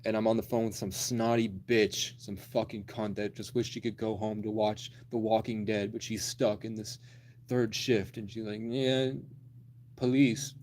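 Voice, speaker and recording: A young man in his twenties talks on and on in a low, flat voice. He swears freely and bluntly as he rambles through a story. A faint ambient hum sits underneath. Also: normal speed. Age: 20s. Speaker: livestreamer.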